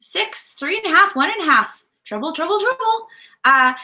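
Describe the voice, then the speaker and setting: A woman's voice: very high voice, animated, normal speed, crowd noise. A woman in her thirties co-hosting a live stream, chatting casually and playfully breaking into song and rap. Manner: playful, jokey, bursts into song. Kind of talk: casual chat, sings and raps along to songs.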